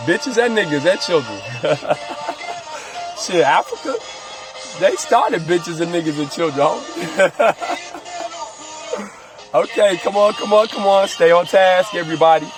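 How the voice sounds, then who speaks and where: A man's voice: sits high, lively intonation, unhurried, pauses often. A man hosting a podcast, rambling loosely with heavy swearing and frequent laughs, recorded on a phone. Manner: loose, heavily profane, laughing often. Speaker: podcast host. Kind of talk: profane rambling podcast monologue. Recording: phone recording with music behind. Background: music playing.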